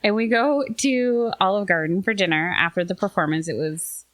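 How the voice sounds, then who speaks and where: A middle-aged woman co-hosting a podcast, telling a family story in a casual, lively way and acting out quotes in higher voices. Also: normal speed. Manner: animated storytelling, acts out quotes in raised voices. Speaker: podcast co-host. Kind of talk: casual chat.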